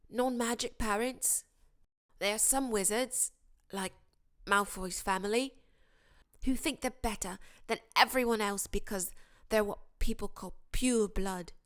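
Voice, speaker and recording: A woman reading an audiobook, voicing a hoarse, queasy teenage wizard boy who talks in an indignant rush. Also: medium pitch, fairly bright tone. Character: young teen wizard boy, sick and hoarse.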